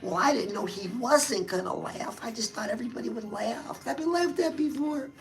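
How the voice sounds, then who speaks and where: High-pitched lady hosting a livestream, chatty, keeps calling viewers girl. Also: moderate pace, faint music behind, low-quality recording. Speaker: livestream host.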